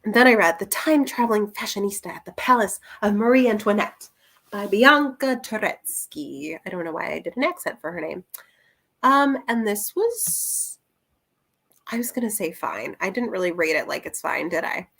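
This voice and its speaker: A woman's voice: medium pitch, animated, normal speed, creaky, a bit bright, husky. A young woman chatting casually through a book review, rambling with plenty of fillers and little laughs.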